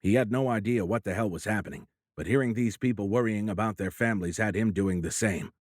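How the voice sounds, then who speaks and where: Low-voiced male audiobook narrator. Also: no room sound, clean studio sound. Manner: measured, dramatic storytelling. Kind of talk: scripted narration.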